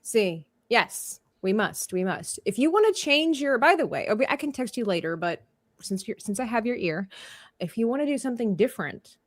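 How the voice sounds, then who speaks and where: A woman's voice: on the high side, big pitch swings, moderate pace, no echo, studio quality. A woman hosting a livestream coloring tutorial, a former art teacher who chats playfully and laughs often.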